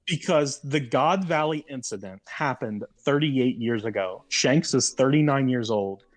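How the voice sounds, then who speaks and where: A man's voice: medium pitch, lively intonation, measured pace. A man co-hosting a casual podcast chat, walking through a theory at length and reading quotes aloud. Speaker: podcast co-host.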